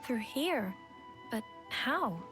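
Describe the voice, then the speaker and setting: An actress playing a curious, eager young soldier in a video game, heard as game audio. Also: female voice, fairly high pitch, big pitch swings, extremely slow, a bit bright, soft background music, heavily acted. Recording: game audio under commentary.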